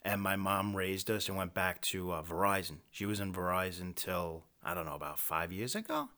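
A man from New York with a thick New York accent, telling stories in casual chat, profane and animated. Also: low voice, normal speed. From New York, Brooklyn. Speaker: podcast guest, artist.

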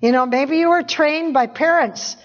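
A woman with a bright, high voice preaches in a loose, conversational way, chuckling as she goes and circling back on key phrases. The recording is muffled and lo-fi. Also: normal speed. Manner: conversational, laughs often, repeats phrases for emphasis. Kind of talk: informal sermon teaching. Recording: dull lo-fi recording.

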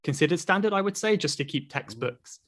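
A man's voice: on the high side, lively intonation, brisk, a bit bright. A man from Cornwall with a Received Pronunciation accent and a slight Southwest English trace, thoughtfully explaining in casual chat, hedging with fillers. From Cornwall, England. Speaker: English teaching podcast host, interview guest.

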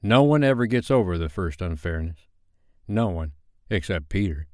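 Smooth, low male bedtime storyteller. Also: lively intonation, normal speed, warm tone, no echo, studio quality.

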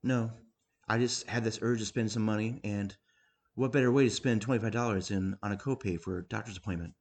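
A man voicing a sarcastic young woman patient who answers in a dry, deadpan way. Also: on the low side, a little fast.

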